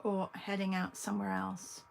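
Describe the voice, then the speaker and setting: A woman with an English accent, hosting an art livestream, chatting casually with viewers while she paints and pausing often. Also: mid-range voice, monotone, creaky, slight background noise. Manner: chatty, talks to viewers between long pauses.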